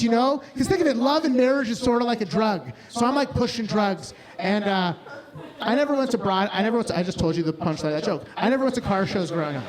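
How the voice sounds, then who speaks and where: A man performing a live stand-up set in a bar, rambling and crude, often cutting himself off mid-sentence. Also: extremely high pitch. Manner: rambling, crude, self-interrupting. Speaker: stand-up comedian. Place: bar stage before a crowd. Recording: live bar with crowd noise. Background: audience laughter.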